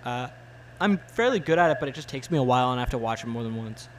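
A young man in his twenties talks casually at a middle pitch, stopping and restarting often with a stream of "like" and "uh". He gives his opinions bluntly, and there is a faint hiss of noise behind him. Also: animated, low-quality recording. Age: 20s. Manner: halting, full of "like" and "uh", blunt opinions. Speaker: film fan in conversation. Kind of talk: casual chat.

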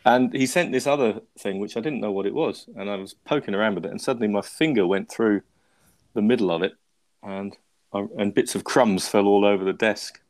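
Give me a podcast host with a low, gravelly voice telling a rambling, self-mocking story. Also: male voice, brisk, a little mellow. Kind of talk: casual chat.

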